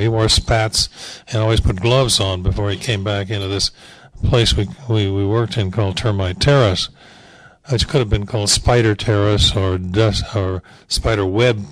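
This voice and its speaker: A man's voice: on the low side, dry recording, low-quality recording. An older man, a veteran animation director, reminiscing in a rambling, wryly humorous way, with frequent fillers and restarts. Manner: wry, dryly humorous. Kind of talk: anecdotal reminiscing talk.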